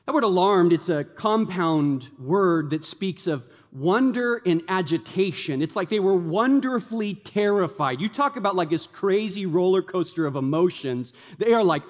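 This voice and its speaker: A man preaching a sermon as a pastor, telling stories in an animated way and leaning on "like" as a filler. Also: high voice. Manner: animated storytelling, many fillers like "like". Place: church sanctuary. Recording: long hall reverb.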